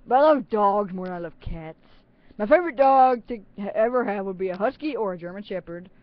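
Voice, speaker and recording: A teenager rambles into a webcam in a casual, self-mocking way, giggling as they go. The voice sits at a middle pitch. The webcam audio is a little dull and muffled. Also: expressive, fairly quick, dry recording. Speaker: channel host.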